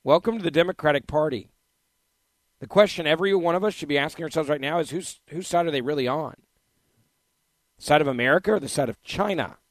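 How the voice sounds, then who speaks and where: A man's voice: a little high, fast talker, long pauses, no echo. Emphatic male commentary host, dry sound. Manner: emphatic, repetitive, rising to loud outbursts. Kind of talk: opinion commentary.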